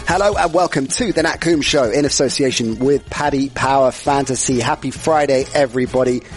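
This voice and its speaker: A man's voice: mid-range voice, brisk, over music. A man hosting a sports podcast in an upbeat, chatty way, laughing easily with his guest. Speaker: podcast host. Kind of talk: casual sports talk.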